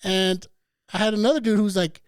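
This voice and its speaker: Dude on a podcast telling a swear-heavy story, laid back, super dry close sound. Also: male voice, high-pitched, steady tone, a little fast, smooth, dry recording. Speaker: podcast co-host. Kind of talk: casual storytelling chat.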